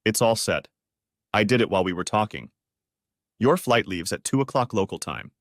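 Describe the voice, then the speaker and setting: A man doing a brisk, devoted female assistant. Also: lowish voice, lively intonation, no echo, studio quality. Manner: brisk, efficient, respectful.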